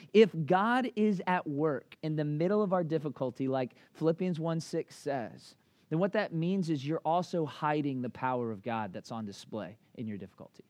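A man in his thirties delivers a sermon in a loose, chatty way, dropping fillers and asking the room questions. His voice sits high for a man, and the sound is close and dry with no room echo. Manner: conversational, lively, with many fillers and asides. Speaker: pastor.

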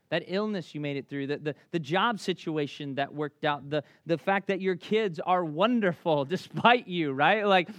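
With no room sound around him, a high-voiced man preaches a story-filled, conversational sermon. He's a thirtysomething pastor from Memphis, Tennessee whose heavy Southern accent colors his animated delivery, marked by quick restarts.

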